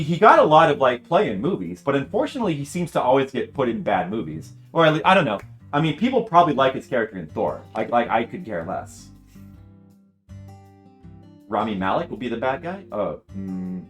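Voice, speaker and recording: A man's voice: on the low side, fairly bright tone. A man streaming a video game, chatting casually and enthusiastically with many fillers and restarts, and faint guitar music behind him. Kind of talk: casual commentary while playing.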